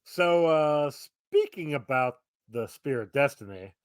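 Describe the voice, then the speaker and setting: A man's voice: on the high side, expressive, slow, smooth, no echo. Easygoing male podcast co-host, dry sound. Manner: easygoing, anecdotal storyteller. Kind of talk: casual chat.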